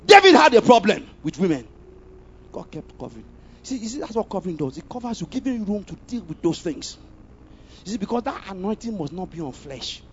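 A high-voiced man preaches with emphatic force, stopping to ask the congregation whether they are with him. The recording is a little muffled, with faint noise in the background. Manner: emphatic, asks the congregation questions, bursts into loud exclamations. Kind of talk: sermon.

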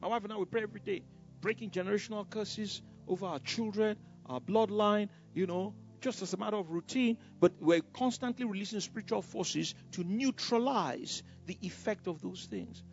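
A man's voice: sits high, normal speed, gravelly. A male pastor preaching a sermon, telling a story with many "you know" asides and stammered repeats. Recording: dull lo-fi sound with faint music.

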